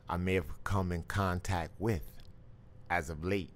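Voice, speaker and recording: A man with a booming voice hosting a live call-in stream, musing slowly and philosophically before taking callers. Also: steady tone. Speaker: live stream radio host. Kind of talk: reflective monologue and call-in chat.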